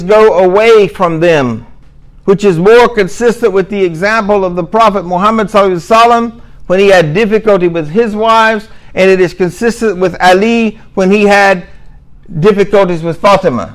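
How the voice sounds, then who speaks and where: Guy lecturing, pretty high voice, middle-aged, sarcastic here and there, hammers points by repeating them. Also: poor audio. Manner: sarcastic asides, emphatic repetition. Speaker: Muslim speaker giving a talk.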